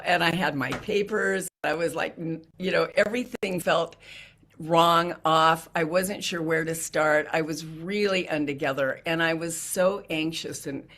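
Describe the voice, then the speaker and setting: A middle-aged woman giving a heartfelt storytelling talk as an inspirational speaker. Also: on the low side. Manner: earnest, heartfelt, softening to hushed.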